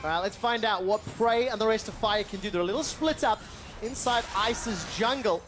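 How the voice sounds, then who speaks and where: Very high-voiced male play-by-play caster. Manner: fast play-by-play, rising with the action. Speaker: esports caster. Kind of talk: play-by-play commentary. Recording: music bed behind.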